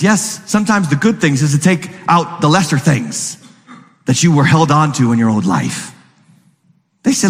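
Animated pastor preaching in a reverberant hall. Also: male voice, moderate pace. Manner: animated, acts out voices with sudden high pitch jumps. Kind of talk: sermon.

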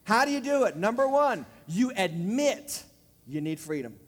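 A man preaching a sermon as pastor, emphatic, repeating key phrases and slowing down to drive points home. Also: sits high, big pitch swings. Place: church sanctuary. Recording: long reverb of a large hall.

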